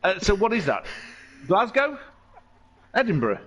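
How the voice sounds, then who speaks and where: A man's voice: mid-range voice, animated, moderate pace. A man commentating a charity race stream, rambling and joking as he goes off on tangents.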